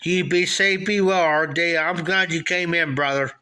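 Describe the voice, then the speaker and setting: A middle-aged American man streaming live, telling a rambling story to his chat, with lots of repeated phrases and lively quoting of himself. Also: on the high side, normal speed.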